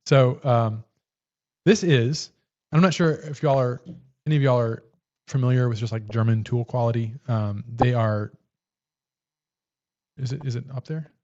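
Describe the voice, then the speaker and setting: A casual male livestream co-host talks at a measured pace with a medium pitch, pausing often, his tone a little mellow. He rambles show-and-tell style, demonstrating tools on camera, and the stream audio is dull and lo-fi.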